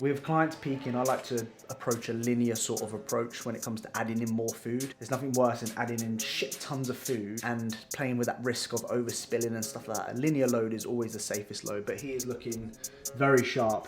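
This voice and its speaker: Laddish bloke vlogging. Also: male voice, mid-range voice. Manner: laddish, swears freely, chatty asides. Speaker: bodybuilding coach and vlogger. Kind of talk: casual vlog talk to camera.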